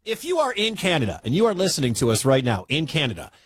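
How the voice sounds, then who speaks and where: Animated sports radio host, Midwestern man. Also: a little high, fast, slightly rough. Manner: animated, incredulous, chatty.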